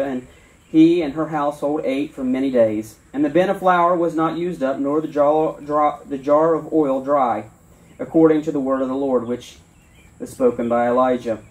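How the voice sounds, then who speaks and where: A man's voice: on the high side, a little mellow, distant mic. Earnest man preaching outdoors. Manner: earnest, plainspoken, with fillers and restarts. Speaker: pastor. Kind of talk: sermon with scripture reading. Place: outdoor church service.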